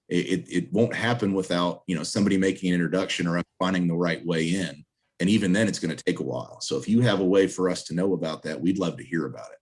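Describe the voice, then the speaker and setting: A man's voice: low-pitched, darkish tone, slightly rough. A man, president of a trail association, speaking earnestly and upbeat as a guest in a video-call interview, appealing for volunteers.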